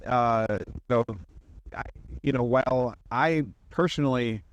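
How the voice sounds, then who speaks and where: A man's voice: mid-range voice, takes it slowly, lo-fi sound. A man from Minnesota, chatting loosely in a podcast conversation, rambling and correcting himself as he goes. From Minnesota, USA. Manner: rambling, self-correcting, laughs easily. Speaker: podcast guest.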